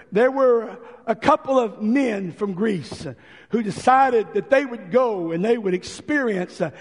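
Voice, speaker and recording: A male pastor preaching an impassioned sermon with a hoarse voice that is giving out, acting out the visitors' voices as he tells the story. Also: high voice, darkish tone, long reverb tail.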